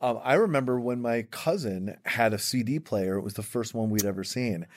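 A man co-hosting a podcast in a studio, chatting casually and joking around. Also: mid-range voice. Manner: playful, joking, quick to laugh. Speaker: podcast co-host. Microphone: studio microphone.

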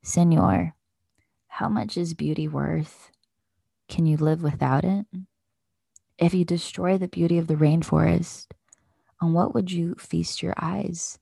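A woman voicing a slow female sloth in a children's storybook, in a deep, lazy drawl. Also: steady tone, vocal fry, warm tone, breathy edge, no echo, full character voice. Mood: languid.

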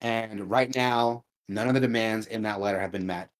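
A man co-hosting a casual podcast, talking in an earnest, measured way with frequent ums. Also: fairly low pitch. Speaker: podcast co-host.

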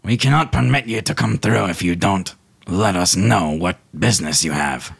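A man's voice: low-pitched, moderate pace, gravelly, husky, exaggerated voice. A man voicing a stern, irritable male vampire officer who speaks in a curt, officious way.

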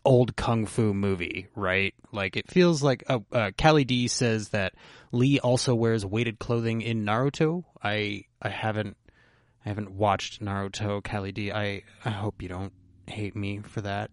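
A man's voice: on the low side, a little slow, no room sound. Teasing man hosting a podcast, dry sound. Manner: teasing, joking, lots of fillers. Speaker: podcast host. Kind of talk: casual anime discussion podcast.

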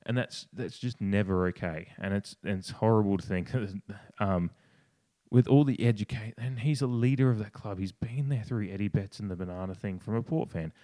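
Deep-voiced man, fired up. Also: normal speed, mellow, no room sound. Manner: passionate, swears, restarts and mimics others in a higher voice. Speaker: podcast co-host. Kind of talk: casual opinionated podcast talk.

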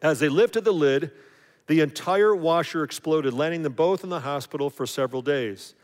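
Male pastor, conversational sermon, slightly high voice, long hall reverb. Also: normal speed. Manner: conversational, acts out voices of others.

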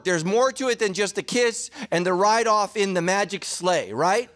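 A middle-aged man preaching a sermon as a pastor, animated and jokey, with quick asides to the congregation. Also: sits high.

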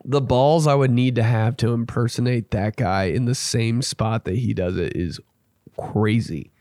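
A man's voice: medium pitch, unhurried, a little mellow, no echo. A young man hosting a podcast, telling rambling casual stories and acting out the people in them. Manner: rambling, acts out quoted people in his stories. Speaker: podcast host. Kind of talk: casual storytelling.

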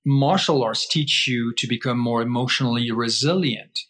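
A man's voice: medium pitch, moderate pace, a bit bright. A man being interviewed as a guest, teaching in an emphatic, repetitive way and often asking himself rhetorical questions. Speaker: guest breath-holding teacher. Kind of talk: explaining in conversation.

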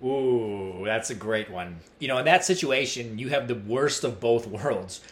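A man's voice: mid-range voice, a little slow. An American man co-hosting a casual comedy podcast, musing and joking in an easygoing way. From United States. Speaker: podcast co-host.

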